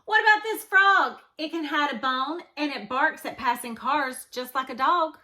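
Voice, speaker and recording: A woman reads a storybook aloud at normal speed in a bright, forceful tone, voicing an eager male animal shelter keeper. The character keeps pitching odd pets in an upbeat, salesy way.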